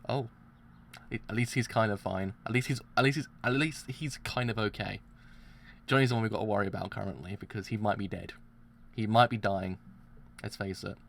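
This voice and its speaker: A man streaming live reaction commentary, excitable, groaning and repeating himself as he talks. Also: fairly low pitch, fairly quick, creaky.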